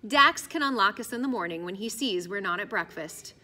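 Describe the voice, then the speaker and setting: A poised, self-assured schoolboy, voiced by a woman speaks in a formal, articulate, composed way. The voice is bright and crisp. He sounds calmly precise, as in a storybook. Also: mid-range voice, a little fast.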